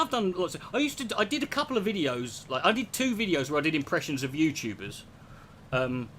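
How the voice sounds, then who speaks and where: A man hosting a podcast, telling stories in a rambling, profane and animated comic monologue. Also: a little high, a little hiss or hum. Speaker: podcast host.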